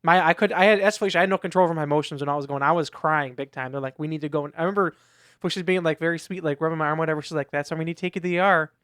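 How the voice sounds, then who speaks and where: Fast-talking man, rambling story. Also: a little high, fairly bright tone, clean tone, no room sound, clean studio sound. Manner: rambling storytelling with many restarts and acted quotes. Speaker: podcast co-host. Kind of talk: casual chat.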